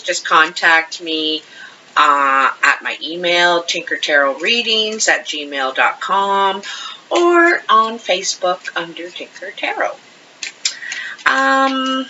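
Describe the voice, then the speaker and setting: A woman leisurely lays out a tarot reading in a casual, rambling chat, laughing easily between cards. Her voice sits a bit low but has a bright, forward edge. The recording is dull and lo-fi, with a faint hiss underneath. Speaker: tarot card reader.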